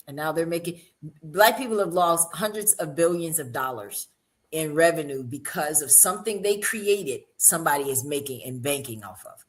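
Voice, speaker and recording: A woman's voice: deep voice, moderate pace. Folksy Southern woman hosting a panel. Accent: Southern US, Alabama. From Monroeville, Alabama. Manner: lively, teasing, folksy. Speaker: show host. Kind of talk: casual panel chat on a livestream.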